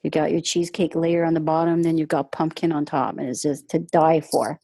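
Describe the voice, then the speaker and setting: A woman's voice: low-pitched, steady tone, fairly quick, creaky, mellow, breathy edge, dry recording. A woman from Quebec, an artist guest, chatting in an easygoing way and laughing often. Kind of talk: casual interview chat.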